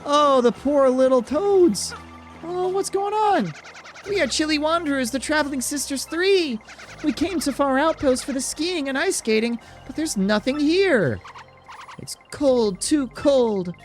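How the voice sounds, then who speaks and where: A man voicing cold, complaining female travelers from a game in a high falsetto whine. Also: lively intonation, unhurried, faint music behind. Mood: whiny. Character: shrill traveling sisters trio, cold and complaining.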